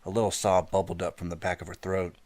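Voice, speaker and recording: A man narrating an audiobook in a steady first-person storytelling manner, close to the mic. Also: deep voice, fast talker, no echo. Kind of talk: scripted narration.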